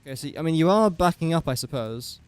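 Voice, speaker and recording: A man's voice: a little high, expressive, fast, smooth, no room sound. A young man casually commentating his gameplay on a livestream, chatty and joking at his own expense. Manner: chatty, self-mocking, joking asides. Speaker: gaming livestreamer.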